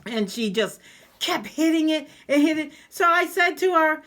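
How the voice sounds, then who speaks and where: A woman vlogger telling a personal story in a casual, animated way, acting out the voices of the people she quotes. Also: high-pitched, moderate pace.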